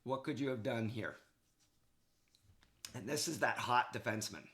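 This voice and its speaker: Man, hockey coach, casual voice-over, upbeat, breaks down game footage, mid pitch. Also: normal speed, a bit bright. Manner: enthusiastic, casual, says "okay" and "like" often. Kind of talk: video game analysis for a player.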